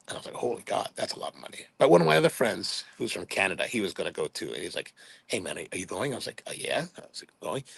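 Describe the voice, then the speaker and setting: Hosting a livestream, a Hawaiian man in his fifties drifts through chatty stories, quoting himself playfully along the way. He has a mid-range voice with vocal fry and a slight roughness, and there's no echo.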